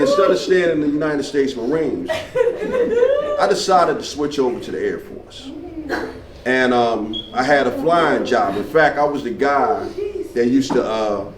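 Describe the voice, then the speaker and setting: A man's voice: medium pitch, heavy background noise. A retired military man in his fifties doing a stand-up comedy set, telling loose stories and bantering with the crowd. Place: small club stage. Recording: roomy club sound from far off.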